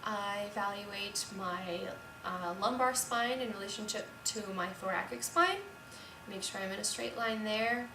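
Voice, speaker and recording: A young woman voice teacher calmly explaining and demonstrating a vocal warm-up at home. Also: mid-range voice, a little slow, background noise. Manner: calm, explanatory, sings scale demos. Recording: roomy echo, voice from a distance, piano. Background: piano.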